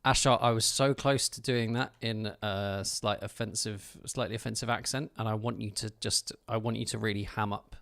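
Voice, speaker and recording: A man's voice: on the low side, fairly even intonation, moderate pace, vocal fry, hardly any pauses, a bit bright. A man chatting playfully with his viewers while streaming gameplay, teasing and thanking them in a loose, talkative way. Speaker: game streamer. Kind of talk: live gameplay commentary and chat. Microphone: streaming microphone.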